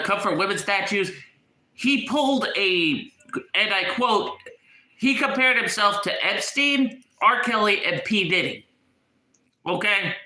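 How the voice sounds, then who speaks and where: A man's voice: high-pitched, pushed and bright, roomy sound, rough recording. A man with a stuffed-up nose from illness, ranting in a casual vlog, agitated and often repeating and restarting his words. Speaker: YouTuber.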